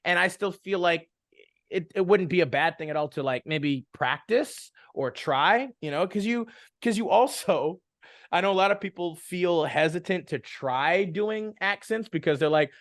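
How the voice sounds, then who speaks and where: Rambling young man, fairly high voice. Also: animated, normal speed, a bit bright, no echo, clean studio sound. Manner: rambling, many fillers and restarts. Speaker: podcast co-host. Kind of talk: casual advice chat.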